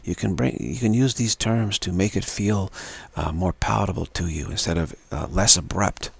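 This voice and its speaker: A man giving a slow, halting spiritual talk with many fillers and repeated words, recorded live. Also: sits low, creaky, husky, no echo. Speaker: spiritual teacher.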